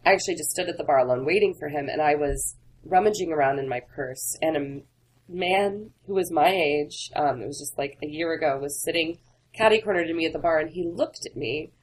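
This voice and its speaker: A low-pitched woman speaks as an author being interviewed, recounting personal stories in an earnest, candid way. Her delivery is conversational and direct. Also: a little fast, a little hiss or hum, low-quality recording.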